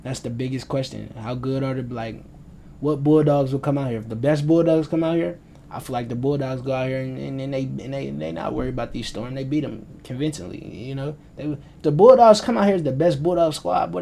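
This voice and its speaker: A young American sports vlogger at home rambles loosely and slangily through his predictions, self-aware about drifting. His mid-range voice is a little fast, gravelly, and mellow, with slight background noise.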